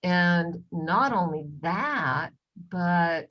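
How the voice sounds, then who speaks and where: Middle-aged lady doing a stress talk on a video call, kinda low voice, muffled lo-fi sound, lots of ums. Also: lively intonation, very slow. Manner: storytelling with lots of ums, acts out quoted lines. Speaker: presenter. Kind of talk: casual talk in a wellness webinar.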